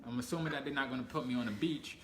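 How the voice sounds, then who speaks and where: A man's voice: mid-range voice, rapid-fire. A man casually telling a travel story on a family channel, acting out the people he quotes and laughing as he goes. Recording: echoey room with faint ambient noise.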